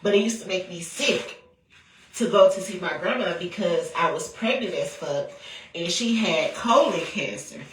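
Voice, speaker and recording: A woman's voice: fairly low pitch, normal speed. Candid woman. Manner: candid, profane, rambling with frequent "or whatever". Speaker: vlogger telling a personal story. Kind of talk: casual storytelling. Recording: roomy, distant from the mic.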